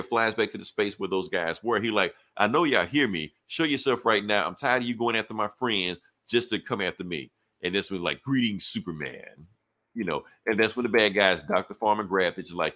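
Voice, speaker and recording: A young man co-hosting a comics review podcast breezes through a comic's plot in casual chat, his voice a little low yet bright and forceful. He tells it with animated energy and casual profanity, slipping into quick quoted dialogue for each character.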